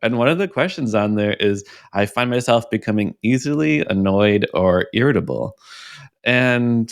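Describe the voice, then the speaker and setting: A man hosting a podcast interview, relaxed and affirming, who asks long, rambling questions. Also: mid-range voice, moderate pace, smooth. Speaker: podcast host.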